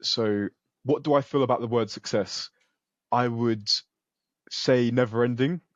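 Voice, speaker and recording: A man's voice: mid-range voice, measured pace, no room sound, lo-fi sound. A young man from the UK, a computer science student, talking earnestly and confidently as an interview guest, often restarting his sentences. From United Kingdom. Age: young adult. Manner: earnest, self-assured, frequent restarts. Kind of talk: casual interview over a call.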